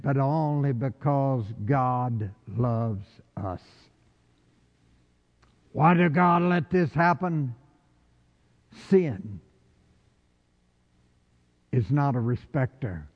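A man preaching a sermon with passion, rising to loud calls and dropping to hushed lines. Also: medium pitch, breathy edge. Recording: dull lo-fi recording with long hall reverb.

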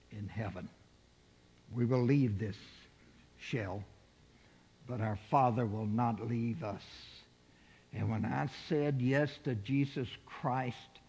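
An older man delivers a sermon at an unhurried, deliberate pace, his voice a little husky. He keeps putting questions to the congregation. His words ring out with the long reverb of a large hall. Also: medium pitch, a little mellow, muffled recording. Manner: asks the congregation rhetorical questions. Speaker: preacher.

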